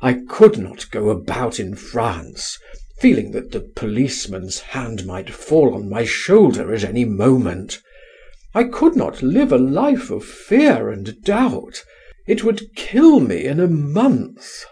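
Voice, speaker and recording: A despairing, tearful man, halting and resigned, his husky voice rising in strained lifts, as a man reads him. Audiobook storytelling, slow and measured. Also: medium pitch, sing-song, dark tone, exaggerated voice. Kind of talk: audiobook dialogue.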